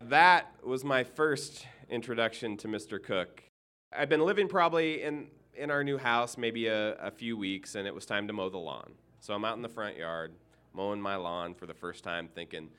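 A middle-aged man, a minister, telling a humorous personal story in an animated way and acting out the people in it. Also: mid-range voice, moderate pace, smooth. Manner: animated, humorous, acts out characters.

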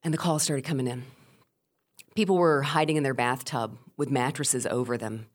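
A middle-aged woman, a former radio host, telling a first-person story with animated, emphatic delivery. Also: a bass voice, moderate pace.

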